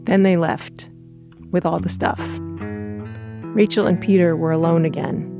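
A woman host narrating a scripted documentary story in a measured, even way. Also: fairly low pitch. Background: guitar music.

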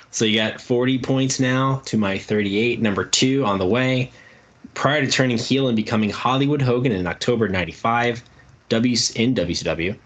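Low-voiced man reading trivia questions. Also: a bit bright. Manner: reads trivia questions and quoted promos, laughs easily. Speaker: podcast co-host running trivia. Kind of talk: casual chat.

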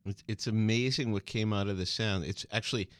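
A male radio host, enthusiastic in a casual interview and quick to laugh. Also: on the low side, steady tone, no room sound. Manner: enthusiastic, laughs often, tells anecdotes. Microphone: studio mic.

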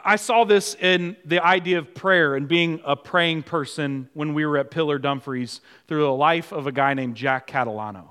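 A man with a high, bright voice preaches an earnest sermon. He tells stories with swings from ringing emphasis to soft, low asides. His voice carries a long reverb through a large hall. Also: normal speed, few pauses, clear, resonant tone. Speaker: pastor.

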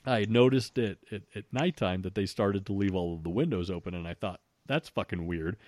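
A man's voice: deep voice, brisk, darkish tone. Profane rambling man telling a story. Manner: profane, rambling with frequent restarts. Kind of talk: casual storytelling.

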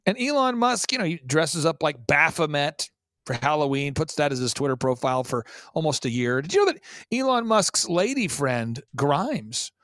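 A man guesting on a talk show, speaking emphatically with rapid rhetorical questions and repeated words. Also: on the high side, fairly bright tone, dry recording, clean studio sound. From Oklahoma. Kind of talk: conspiracy talk-show commentary.

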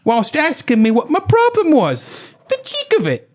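A man hamming up a furious, indignant British woman in a high, exaggerated mock accent that keeps slipping into other accents. The voice sits well above his normal pitch, loud and pushed, a clearly comic put-on. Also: wildly swooping pitch, normal speed, full character voice.

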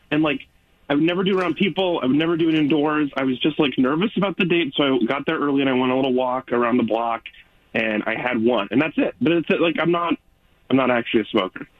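A young man rambles over a phone line, hesitant and filler-heavy, his voice husky. The sound is thin and tinny, with no room echo at all. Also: on the high side. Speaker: caller on a radio dating segment. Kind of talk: casual phone chat.

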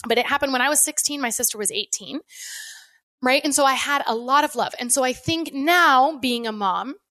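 A woman's voice: high voice, normal speed, sharp tone. A woman in her thirties who works as a coach, talking candidly about forgiveness in a casual, conversational way with occasional swearing. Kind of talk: personal reflective talk.

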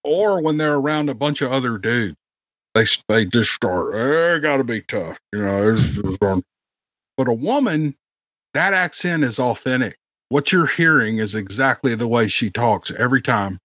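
A man from Memphis with a drawn-out Memphis Southern accent, chatting as a podcast guest at his home microphone. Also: medium pitch, lively intonation, fairly bright tone, no echo. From Memphis, Tennessee. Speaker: guest, audiobook narrator. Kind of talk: casual podcast chat.

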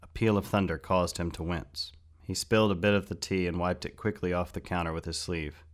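Brief: male audiobook narrator, very deep voice, measured reading. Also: level tone. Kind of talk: scripted narration.

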